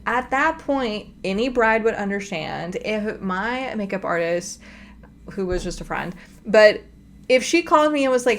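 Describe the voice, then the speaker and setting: A woman's voice: medium pitch, lively intonation. A woman hosting a reaction commentary from her home desk, talking emphatically and with exasperation. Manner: exasperated, emphatic, fast asides. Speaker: commentary host. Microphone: desk microphone.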